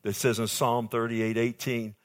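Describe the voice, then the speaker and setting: A man preaches a sermon with emphasis, swinging between quiet passages and loud outbursts and calling on the congregation to respond. His mid-range voice keeps a level tone at a moderate pace.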